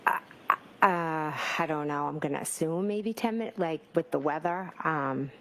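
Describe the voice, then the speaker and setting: Low gravelly-voiced woman testifying in court. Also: moderate pace, fairly bright tone, a little hiss or hum, low-quality recording. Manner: hesitant, many fillers and restarts. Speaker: trial witness.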